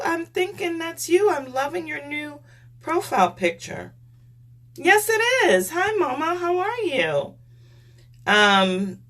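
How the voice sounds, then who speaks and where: Chatty woman doing a live makeup stream, talks real slow, bright tone, says hi to viewers. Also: mid-range voice. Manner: gushing, chatty, greets viewers by name.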